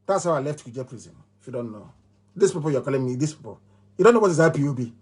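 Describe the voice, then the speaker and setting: A middle-aged Nigerian-accented man delivers a live political address. His voice is high-pitched and husky. He drives his points home by repeating them and breaks into scornful laughter. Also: animated, fast talker, a little mellow. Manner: emphatic and repetitive, with mocking laughs. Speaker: movement leader giving a broadcast.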